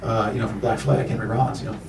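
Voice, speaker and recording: A man doing a stand-up comedy set, telling stories in a rapid, profane, mock-indignant way on a club stage. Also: lowish voice, level tone, gravelly, recorded from a distance, over a noisy crowd. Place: comedy club stage before a laughing crowd. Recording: roomy club sound, audience laughter.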